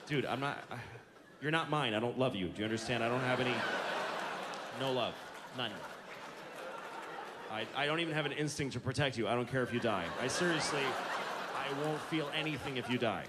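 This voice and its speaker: A man in his forties doing a grumpy stand-up rant that swerves between loud outbursts and low mumbled asides. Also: a little fast, long pauses, a loud crowd. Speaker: stand-up comedian. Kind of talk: stand-up routine. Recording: noisy ambience behind.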